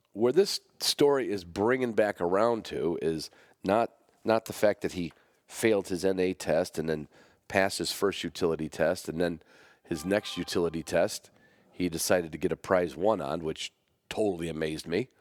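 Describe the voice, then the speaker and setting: A man's voice: low-pitched, darkish tone, no echo, studio quality. A middle-aged man hosting a podcast, telling a rambling, self-correcting story with wry asides. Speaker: podcast host. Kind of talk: casual storytelling.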